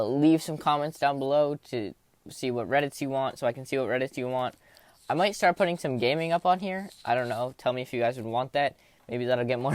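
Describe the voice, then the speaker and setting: A young man rambles through online posts in a casual, self-mocking way, laughing at his own slips. His voice sits at an ordinary middle pitch and is recorded close up in a dry, dead room. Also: no room sound. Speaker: YouTuber reading Reddit posts. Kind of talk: casual commentary on reading posts.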